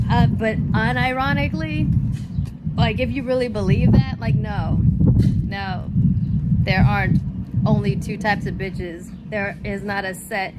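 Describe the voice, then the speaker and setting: A young woman content creator in an animated, exasperated rant, emphatic and swearing often. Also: medium pitch, very noisy.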